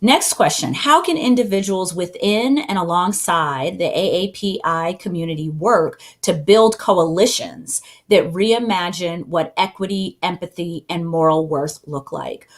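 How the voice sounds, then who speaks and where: A woman's voice: lowish voice, a little slow, few pauses. A woman moderating a panel discussion, speaking in a thoughtful, reassuring way.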